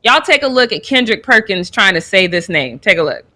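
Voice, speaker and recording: A young woman from Colorado co-hosting a casual sports chat show, animated and quick to laugh, sometimes stumbling over names. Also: medium pitch. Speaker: co-host.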